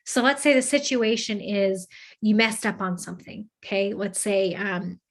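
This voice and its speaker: A woman hosting a self-help talk, earnest and encouraging, often checking in with "okay?" and "right?" and slowing down to recite affirmations. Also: mid-range voice. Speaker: host of a self-help channel.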